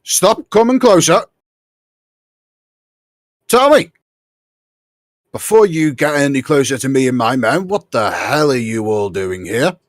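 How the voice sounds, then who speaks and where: A man's voice: medium pitch, big pitch swings, measured pace, long pauses, no room sound, studio quality, pitched above the performer's own voice. A man voicing a blunt soldier captain in plate mail, calling out brashly and swearing.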